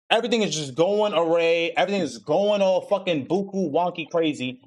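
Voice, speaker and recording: Animated, profane young man recapping. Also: a little high, normal speed. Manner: animated, profane storytelling with acted-out quotes. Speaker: podcast host recapping an anime. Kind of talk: casual chat.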